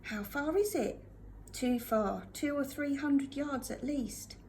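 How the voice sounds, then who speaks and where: A woman reading aloud, voicing a weathered man who shouts urgent warnings over a storm. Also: sits high, slow pace, a little hiss or hum.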